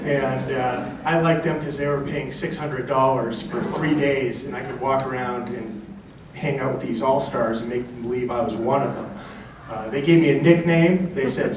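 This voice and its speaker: A man's voice: mid-range voice, steady tone, moderate pace, a crowd in the background. A man telling a chatty personal story at a live story slam in a large convention hall, with many filler words. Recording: echoey hall from far off, background noise.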